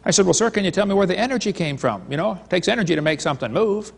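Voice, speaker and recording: A creationist seminar speaker gives a live lecture full of stories and jokes, acting out the dialogues he retells. His voice sits high and is rapid-fire, with lively intonation, vocal fry, and a breathy edge. A long hall reverb colors the recording.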